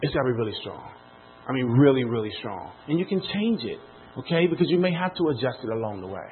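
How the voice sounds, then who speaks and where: A man giving a motivational talk to a live audience, telling a story with animated, pushing emphasis. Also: medium pitch, fast talker, slight background noise. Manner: animated storytelling, rising and pushing on key points. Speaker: motivational speaker. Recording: tinny phone-like sound.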